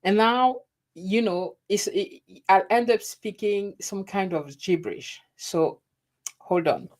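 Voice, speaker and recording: A woman's voice: mid-range voice, slow, darkish tone. A middle-aged woman, chatting casually and laughing at herself on her live stream. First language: French. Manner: chatty, laughing, self-deprecating. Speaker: YouTube host.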